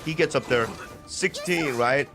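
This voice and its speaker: A man's voice: measured pace, vocal fry, music in the background. A man in his fifties, chatting casually and acting out stories with big swings in his voice. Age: 50s. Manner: animated storyteller, acts out voices with big pitch jumps. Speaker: podcast co-host. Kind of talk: casual comedic chat.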